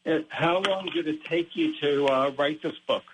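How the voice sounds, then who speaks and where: A man hosting an interview who asks questions hesitantly, with many pauses and fillers. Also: fairly high pitch, background noise. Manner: hesitant, full of ums and uhs. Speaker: interviewer and host.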